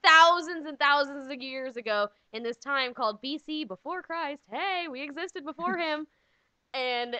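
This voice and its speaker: A young woman co-hosting a casual comedy podcast, sarcastic and quick to laugh. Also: high voice, sharp tone, no room sound, muffled recording. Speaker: podcast co-host.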